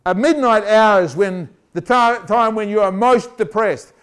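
A man preaching a lively sermon, joking and acting out voices and scenes for the congregation. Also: high-pitched, a little slow, clear, resonant tone. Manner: animated, jokey, acts out voices.

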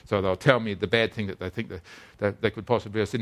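A man's voice: fairly low pitch, fairly even intonation, fast talker, fairly bright tone. A man preaching a sermon as a pastor, telling stories earnestly and often repeating his words.

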